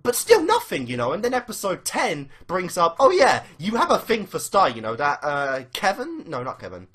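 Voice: mid-range voice, wildly swooping pitch, moderate pace, fairly bright tone. A young adult fan giving casual, rambling commentary on a cartoon, with lots of fillers and swearing. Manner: rambling, full of "you know" fillers and swearing. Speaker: fan reacting to a cartoon episode.

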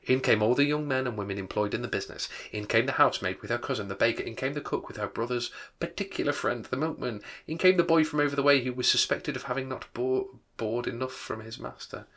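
A literature teacher reading a classic novel aloud, drifting into rambling asides and quick apologies. His voice is bright and forceful, and he sits at a middling pitch for a man. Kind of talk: reading aloud with revision commentary.

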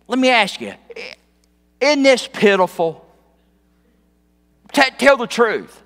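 High-voiced pastor in an echoey sanctuary. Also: male voice, sharp tone. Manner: conversational, quizzes the congregation, emphatic. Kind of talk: expository sermon. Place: church sanctuary.

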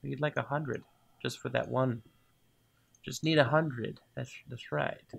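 A man's voice: medium pitch, fairly even intonation, unhurried, vocal fry, breathy edge, muffled recording. A man casually commenting as he plays a game, talking to the items and muttering to himself, then cheering when things work. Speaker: gaming video host. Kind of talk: casual let's-play commentary.

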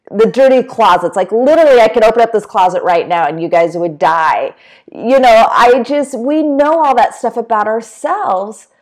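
A woman in her thirties talks straight to her viewers in a casual, chatty vlog. Her voice sits a little high and swoops all over the place as she acts out stories. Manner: chatty, animated storytelling with lots of "like". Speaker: vlog host. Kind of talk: casual chat to camera.

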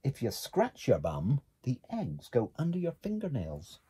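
A man's voice: medium pitch, huge pitch swings, unhurried, mellow, husky, full character voice. A man reading a storybook voicing a stern, matter-of-fact male dog doctor who lectures firmly. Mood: lecturing. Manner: firm, lecturing. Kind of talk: storybook character voice.

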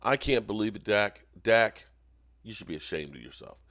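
A man's voice: lowish voice, lively intonation, normal speed, a bit bright, no echo, clean studio sound. A man hosting a sports podcast, ranting sarcastically in a mock-outraged way.

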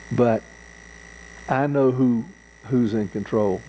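A middle-aged man, a pastor, speaks slowly and earnestly to a church Bible class. His voice is gravelly and mellow, and he repeats phrases for emphasis as he teaches and prays. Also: medium pitch, fairly even intonation, slight background noise, rough recording.

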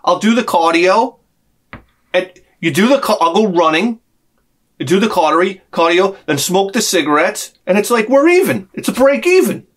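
Loud, ranting man with a lively voice. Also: high voice, normal speed. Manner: swings from mutters to loud shouted outbursts; profane and sarcastic. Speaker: vlogger. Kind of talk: rambling comic rant to camera.

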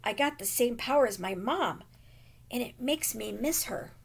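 A woman's voice: fairly high pitch, lively intonation, normal speed, vocal fry, breathy edge, exaggerated voice. A woman reading as a lonely, brave young girl. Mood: tender. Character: brave but lonely young girl who misses her mom. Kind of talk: reading a children's novel aloud.

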